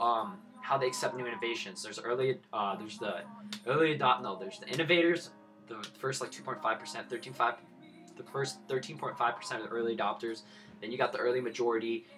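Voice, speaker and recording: Blunt, bright-voiced young man. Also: medium pitch, quick pace, faint music behind. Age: 20s. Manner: blunt, profane, lecturing the viewers. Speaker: crypto trading streamer. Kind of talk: live-stream trading commentary.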